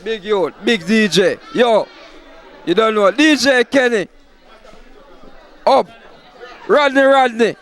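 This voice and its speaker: A man with a Jamaican accent giving excited shout-outs as an interviewer at a party. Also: high-pitched, slow pace, pauses often, some chatter behind. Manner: excited, hyping. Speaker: event interviewer. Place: outdoors at a party.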